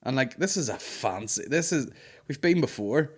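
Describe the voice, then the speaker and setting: A man with a mid-range, animated voice speaks at a moderate pace. He's a podcast host on a comedy show, telling a story as an exasperated, sweary rant.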